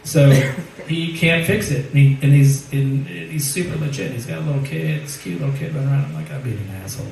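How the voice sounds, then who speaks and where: A man's voice: a little high, fairly even intonation, fairly quick, creaky, a little mellow, heavy reverb, distant mic, a little hiss or hum, poor audio. A man telling a profane, rambling personal story and laughing through it. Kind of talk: live storytelling.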